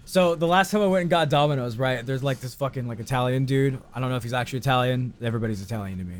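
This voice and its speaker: Brief: male podcast host, deadpan absurd storyteller, lots of swearing. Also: mid-range voice, racing, hardly any pauses. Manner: rambling, profane, deadpan absurd. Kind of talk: casual comedic storytelling.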